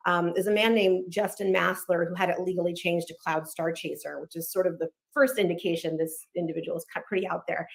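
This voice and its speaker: A woman in her thirties from Los Angeles tells her own story at a quick, candid clip. Her voice sits a little low for a woman. She slips quoted lines of dialogue into the telling as she goes. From Los Angeles, United States. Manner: fast, candid, animated retelling with quoted dialogue. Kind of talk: personal storytelling.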